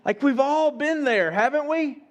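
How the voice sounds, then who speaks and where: High-voiced man preaching a casual sermon. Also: lively intonation, a little slow. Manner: conversational preaching with rhetorical questions and repeated phrases. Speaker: pastor. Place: church service.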